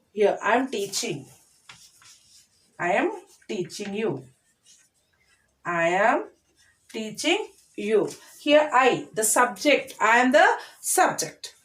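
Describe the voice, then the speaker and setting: A woman's voice: sits high, fairly bright tone, recorded from a distance. A woman teaching a grammar lesson to young children, repeating key phrases and answering her own questions. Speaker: primary school English teacher.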